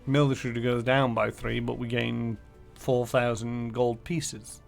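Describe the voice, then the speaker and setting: A man's voice: medium pitch, flat delivery, unhurried, creaky, faint music behind. A man streaming a game, muttering casually through menus and numbers. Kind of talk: casual gameplay commentary.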